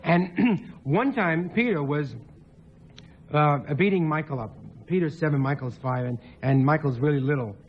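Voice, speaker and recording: A man telling rambling, excitable comic stories as a talk show guest, laughing often. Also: a little high, moderate pace, a little hiss or hum.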